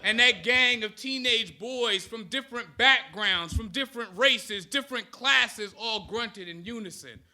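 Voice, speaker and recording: A man's voice: very high voice, unhurried, few pauses, pushed and bright. A man in his thirties giving a motivational speech to an audience, rousing them with call-and-response chants. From United States. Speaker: speaker.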